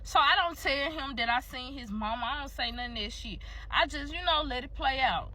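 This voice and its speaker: Young woman, bright and fairly high voice, casual storytime vlog, blunt and profane, talks right to the viewers. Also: a little fast. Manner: candid, profane, chatty storytelling.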